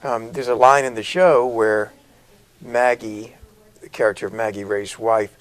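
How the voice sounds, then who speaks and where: A middle-aged man from South Carolina, an actor telling stories as a guest in an interview, with lively, varied delivery. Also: lowish voice, unhurried, low-quality recording. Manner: animated storyteller, varied delivery. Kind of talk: interview conversation.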